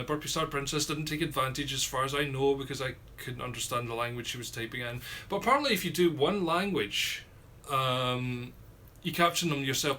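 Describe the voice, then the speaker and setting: A man's voice: medium pitch, sharp tone. A man with a southwest Scottish accent from near Glasgow, hosting a casual live-stream chat and reading out viewers' comments, with lots of fillers and repeated words. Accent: Scottish, southwest coast near Glasgow. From Scotland.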